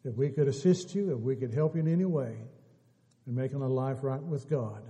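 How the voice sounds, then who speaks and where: A man's voice: mid-range voice, brisk, mellow, highs cut off. A man preaching a sermon to his congregation, building to emphatic, repeated appeals. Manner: rising to emphatic exhortation, repeating phrases. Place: church sanctuary. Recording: church hall reverb.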